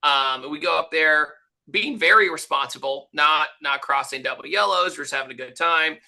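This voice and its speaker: Podcast guest, man, bright and lively storyteller, slightly high voice. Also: moderate pace, vocal fry, rough recording. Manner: animated, acts out quotes in his story.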